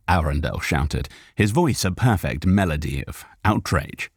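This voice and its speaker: A man narrating an audiobook in a live recording session, expressive and careful. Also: low-pitched, a little slow, hardly any pauses, breathy edge, dry recording, studio quality.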